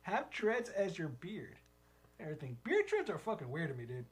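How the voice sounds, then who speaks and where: A man's voice: fairly high pitch, huge pitch swings, moderate pace. A man co-hosting a comedy podcast in casual chat. He rambles, fills his speech with "like", and laughs often. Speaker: podcast co-host.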